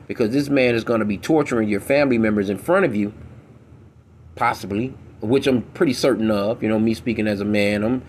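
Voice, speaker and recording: A man reading scripture aloud and commenting on it in blunt, profane, emphatic street talk, slowing down deliberately for the old text. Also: fairly low pitch, darkish tone, a little hiss or hum.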